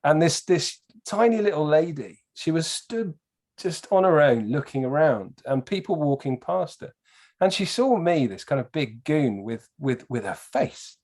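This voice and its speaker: Man, podcast guest, lively storyteller who swears a lot. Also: fairly high pitch, measured pace. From England. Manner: animated storyteller, swears freely. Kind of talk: casual podcast chat.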